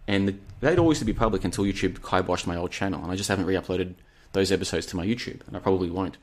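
Male solo show host, low-ish voice, loose and rambling, casual chat. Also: fast talker, darkish tone. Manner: rambling, chatty, digressive; reads out listener comments. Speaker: podcast host.

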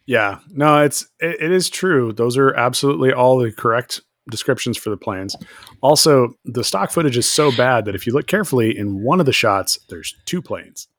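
A man co-hosting a podcast, casually recapping a TV episode, laughing often and acting out characters in quick voices. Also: mid-range voice, expressive, fairly bright tone, no room sound, studio quality. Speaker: podcast co-host.

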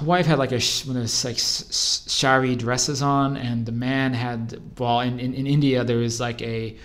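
A man telling a personal story in casual first person, rambling and correcting himself as he goes. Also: medium pitch. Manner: rambling, self-correcting, trails off and restarts mid-thought. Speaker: storyteller recounting a personal experience.

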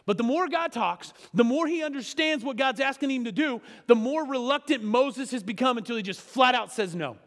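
A man with a fairly high voice preaches a sermon, keeping it conversational and checking in with his listeners through frequent tag questions. His voice carries a long reverb from a church sanctuary. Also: lively intonation, moderate pace, few pauses, a bit bright. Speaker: pastor.

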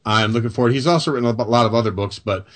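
A man's voice: medium pitch, racing. Rambling chatty male radio host. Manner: rambling, chatty, many fillers and restarts. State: wound up on coffee. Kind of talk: casual chat and news reading.

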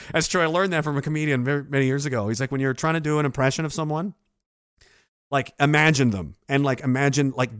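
A man's voice: mid-range voice, a bit bright, no echo, studio quality. A man streaming casually, reading out chat messages with a sarcastic, rambling manner. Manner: sarcastic, rambling, many fillers.

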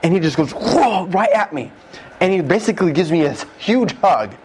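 Excitable man telling a testimony. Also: a little high, fairly quick, husky. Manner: excited, animated retelling, voice leaping up for emphasis. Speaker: guest. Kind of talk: emotional testimony storytelling.

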